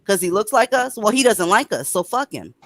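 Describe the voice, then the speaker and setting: A woman's voice: medium pitch, sing-song, a little fast, fairly bright tone. A woman hosting a casual group discussion over a video call, blunt and putting questions to the others. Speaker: host.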